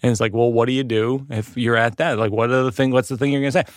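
A man's voice: medium pitch, steady tone, fast talker, dry recording, studio quality. A man hosting a podcast in casual conversation, reflective and earnest, often restarting his sentences. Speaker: podcast host.

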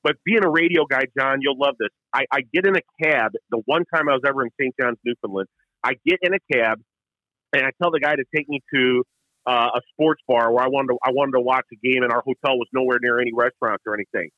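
A man co-hosting a casual hockey show, telling stories quickly with lots of stumbles and restarts. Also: medium pitch, dry recording, dull audio. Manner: rapid storytelling with frequent restarts. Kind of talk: casual sports chat.

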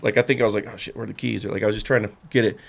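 Gravelly man telling a rambling story. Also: on the low side, fairly even intonation, rapid-fire. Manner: rambling storyteller who acts out the other voices. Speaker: podcast guest. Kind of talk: casual storytelling chat.

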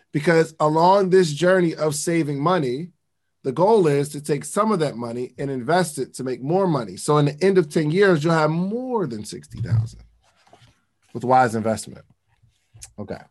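A man reading passages from a book aloud and breaking in with slangy, casual comments to explain them. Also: on the high side. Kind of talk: casual teaching talk.

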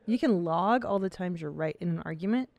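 A woman hosting a podcast and chatting casually, supportive and quick to laugh along. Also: on the low side, expressive, vocal fry, a little mellow. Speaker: podcast host. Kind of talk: casual chat.

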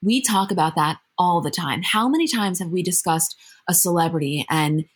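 A woman with a low, husky voice, co-hosting a podcast in casual chat. She talks thoughtfully and at a measured pace. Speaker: podcast co-host.

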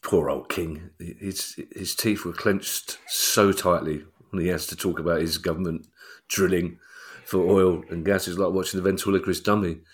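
A man co-hosts a casual podcast with a low, easy voice. He teases his partner and jokes around in relaxed chat. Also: moderate pace. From half Irish. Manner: jokey, teasing, breaks into laughter. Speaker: podcast co-host.

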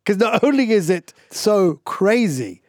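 A man's voice: sits high, very animated, measured pace, no room sound, studio quality. A man comedian reacting in disbelief to a jumbled story, exasperated and wry. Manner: incredulous, exasperated. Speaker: comedian listening. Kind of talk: comic banter.

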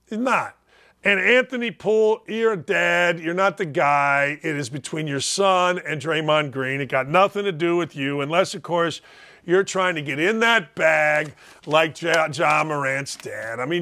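Loud, mocking older sports talk host. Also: male voice, unhurried. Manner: loud, mocking, dips low and drawn out for emphasis. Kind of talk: opinionated sports talk rant.

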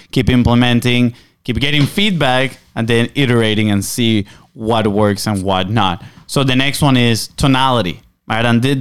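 A man co-hosting a casual business podcast, talking in an animated way and stressing his points. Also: medium pitch. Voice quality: smooth, animated delivery. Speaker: podcast co-host.

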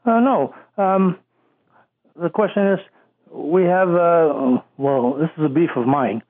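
A man's voice: a little high, slow pace, no room sound. A man calling in to a radio show to ask a question, hesitating often with fillers. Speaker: caller. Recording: phone-line audio.

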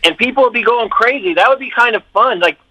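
Bright-voiced man, wry complaining. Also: very high-pitched, fast, no room sound, low-quality recording. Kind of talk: casual chat.

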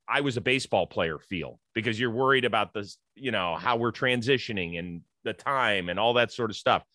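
A male sports talk host, chatty and emphatic, who jokes easily. His voice sits in a middle pitch, and the sound is close and dry with no room behind it. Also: sharp tone, no room sound. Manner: emphatic, chatty, quick to joke.

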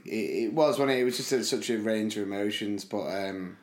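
A man co-hosting a podcast, telling a story in lively casual chat and mimicking his friends' voices. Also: fairly low pitch, a little fast, roomy sound. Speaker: podcast co-host.

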